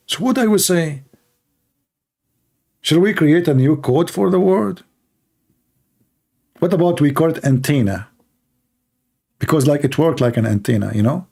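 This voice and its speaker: A man's voice: fairly high pitch, lively intonation, moderate pace, creaky, pauses often, dark tone, husky. A middle-aged man hosting a live-streamed religious debate, speaking blunt, mocking English with broken grammar and piling up rhetorical questions. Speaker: debate show host.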